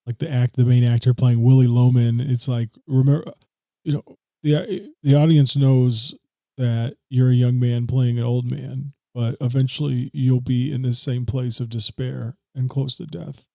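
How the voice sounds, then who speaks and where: A man with a very dark, mellow voice chats casually as a podcast co-host, breaking down a film in a loose, profane way. The sound is close and dry, with no room around it. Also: mid-range voice, steady tone, moderate pace, creaky, no echo. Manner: loose, profane, laughs often. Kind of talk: casual film review chat.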